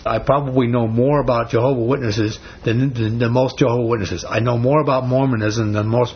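A man's voice: mid-range voice, slightly rough, dull audio. A man teaching a Bible study in a conversational, emphatic sermon style with frequent restarts.

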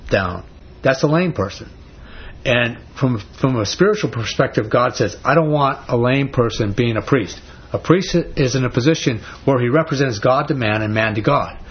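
A man's voice: medium pitch, slightly rough, lo-fi sound. A man teaching a Bible study in a conversational, emphatic sermon style with frequent restarts.

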